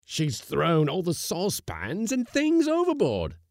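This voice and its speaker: A man doing a shrill panicky ship's cook. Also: wildly swooping pitch, a little slow, creaky, no echo, studio quality, exaggerated voice. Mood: desperate.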